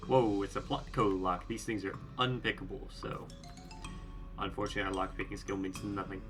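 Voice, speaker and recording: A man playing a game and reading its text aloud, adding wry, deadpan asides, with game music underneath. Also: deep voice, a little fast. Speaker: game player.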